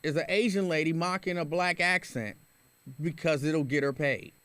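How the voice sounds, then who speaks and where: A man's voice: on the high side, normal speed, a bit bright, dry recording. A man hosting a radio talk show, reading listener comments and giving his opinions in a casual, conversational way. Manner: conversational, opinionated, with frequent restarts.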